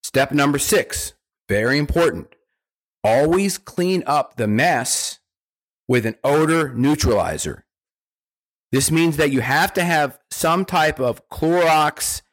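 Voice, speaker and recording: A man's voice: a little high, expressive, slow pace. A man, a dog trainer, explaining house training in plain, repetitive steps, lifting his voice when acting out praise. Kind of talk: instructional talk.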